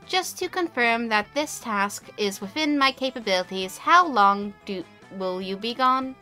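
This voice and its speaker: A courteous robot that talks in careful, formal phrasing, as a woman reads it. The tone is bright and sits a little high, with faint music behind. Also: a little slow. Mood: earnest. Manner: formal, precise, slightly flat. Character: polite, literal-minded robot neighbor.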